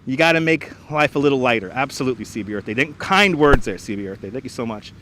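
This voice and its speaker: Outdoors on a frozen beach, a man hosts a casual live stream on a wireless clip-on mic, chatting, reading viewer comments aloud, and greeting people by name. His mid-range voice is lively and fairly bright, he talks quickly, and there's a little hiss or hum.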